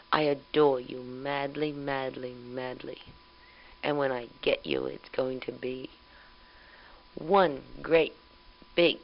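A woman's voice: low-pitched, lo-fi sound, slight background noise. A young woman recording a spoken letter on tape to her husband, chatty, fond and amused as she tells family news.

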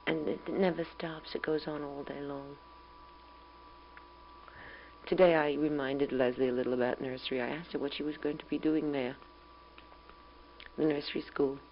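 A young woman with a low voice talks calmly and tenderly into a home tape recorder, rambling through family news as a spoken letter. The old tape sounds dull and carries a faint hum. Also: a little fast. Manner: calm, tender, rambling and reflective.

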